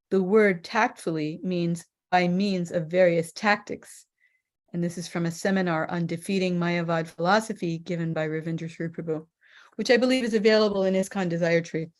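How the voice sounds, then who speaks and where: A woman moderating an online scripture study discussion, speaking thoughtfully with frequent pauses and fillers. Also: on the low side. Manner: thoughtful, hesitant, many fillers.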